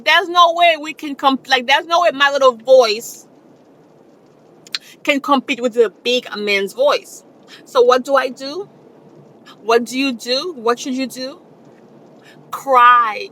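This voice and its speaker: Woman dating coach chatting to camera, slow and drawn out, bright tone, keeps saying okay. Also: high voice, rough recording. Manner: coaxing and repetitive, keeps checking in with "okay?" and "my beautiful ladies". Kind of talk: casual advice talk to camera.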